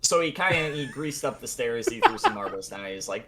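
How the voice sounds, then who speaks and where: A man's voice: medium pitch, brisk, heavy background noise. A man casually recapping a tabletop game session for friends, laughing and acting out the characters' lines as he goes. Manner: animated, laughing, acts out voices in the retelling.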